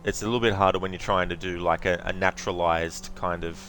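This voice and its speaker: A man's voice: deep voice, little pitch movement, fast talker, fairly bright tone, a little hiss or hum. A man hosting a let's play, chatting casually over gameplay with rambling, laughing asides.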